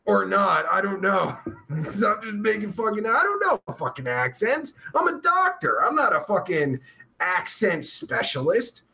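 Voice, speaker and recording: A man's voice: high voice, very animated, a little slow, gravelly, sharp tone. A man hosting a live stream, chatting casually with a crude, blunt, profane manner. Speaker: live-stream host reading viewer questions. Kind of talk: casual chat.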